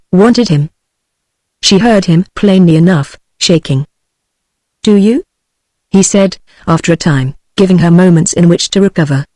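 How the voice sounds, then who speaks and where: A text-to-speech woman's voice with a British English accent, reading a novel as an audiobook narrator in an even, steady delivery. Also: on the low side, no room sound.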